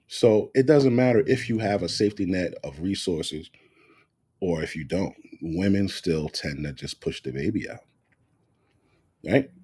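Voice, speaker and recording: A man's voice: low-pitched, measured pace, breathy edge. A man co-hosting a podcast, talking bluntly and with a lot of profanity in casual chat. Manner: blunt, profane, animated rants. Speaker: podcast co-host.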